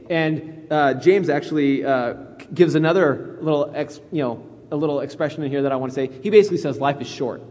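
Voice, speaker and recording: A man's voice: a little high, brisk, dark tone, long reverb tail. A male pastor preaching a conversational sermon, acting out quoted voices as he goes.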